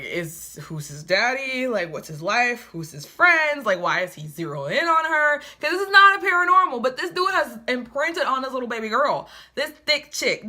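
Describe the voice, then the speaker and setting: A young woman giving a casual, chatty book review, sassy and animated with lots of asides. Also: on the high side.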